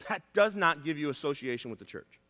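A male pastor preaching a sermon, emphatic and repeating his key points, slowing down to stress words. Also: a little high, lively intonation, fairly bright tone. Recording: long hall reverb.

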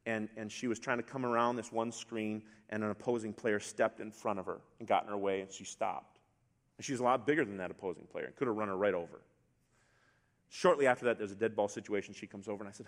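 A middle-aged man preaching a sermon to a congregation, storytelling in a relaxed, conversational way with asides. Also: lowish voice, moderate pace, pauses often. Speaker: pastor. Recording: long hall reverb.

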